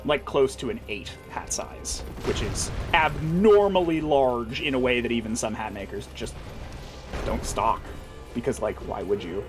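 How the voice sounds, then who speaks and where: Man, mid-range voice, chatting loosely with viewers while gaming, dry cursing humor, music clearly under him. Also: mid-range voice, expressive, a little slow. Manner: rambling, profane, wry humor with many fillers. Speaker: livestreamer reading chat. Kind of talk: casual rambling chat while gaming.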